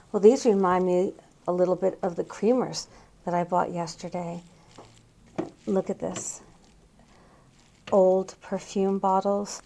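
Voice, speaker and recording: A woman's voice: medium pitch, creaky, mellow. A middle-aged woman hosting a casual tour of antique and thrift shops, pointing out items with fond admiration. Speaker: host touring antique shops. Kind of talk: casual walking shop tour.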